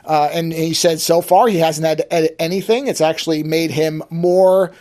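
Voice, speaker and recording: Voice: medium pitch, steady tone, normal speed, a little mellow. Chatty podcast host thinking aloud. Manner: conversational, thinking aloud with frequent restarts. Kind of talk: solo daily podcast monologue.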